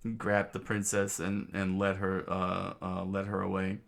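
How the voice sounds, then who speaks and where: A man's voice: low-pitched, completely flat delivery, a little slow, gravelly, a bit bright. A man casually reading a comic aloud, hesitant, with many fillers and self-corrections. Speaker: reader.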